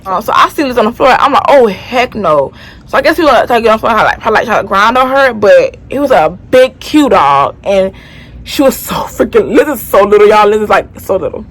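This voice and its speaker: A woman's voice: medium pitch, slight background noise, rough recording. A young woman from Florida telling a personal story in a casual storytime vlog, chatty and slangy, often turning to her viewers. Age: young adult. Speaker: vlogger.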